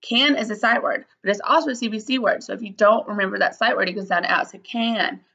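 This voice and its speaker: A woman teacher giving a slow, patient early-grade phonics lesson, spelling out letters and sounding out words. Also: medium pitch, vocal fry, bright, forceful tone, muffled recording.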